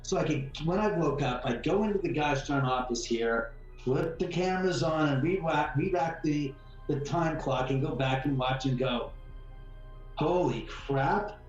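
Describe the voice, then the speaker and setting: A man telling ghost stories in a casual interview, rambling and animated, often repeating words and swearing mildly. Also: a little high, moderate pace, highs cut off. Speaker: homeowner guest. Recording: echoey room from far off, faint music.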